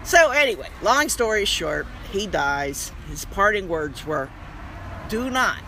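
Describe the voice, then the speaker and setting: An older woman telling an animated personal story, laughing and swooping up high in pitch as she acts out the moments. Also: unhurried, rough recording. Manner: lively, laughing storyteller with big pitch jumps. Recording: outdoor recording with street noise.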